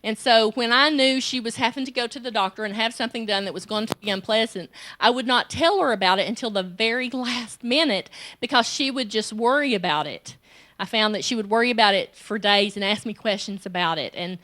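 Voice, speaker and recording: A woman's voice: brisk, a bit bright. A woman, delivering a sermon at a women's conference, telling personal stories and acting out the voices in them. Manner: storytelling, acts out quoted child and self in high pitch. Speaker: women's ministry director, conference speaker.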